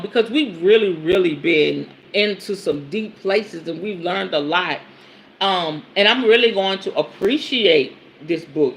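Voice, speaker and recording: Lively woman host going off about feelings, bright voice, swears a lot, faint room hum behind. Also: creaky. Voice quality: lively, animated pitch swings. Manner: earthy, emphatic, swears casually, laughs often. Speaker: podcast host and spiritual teacher. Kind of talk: casual spoken teaching monologue.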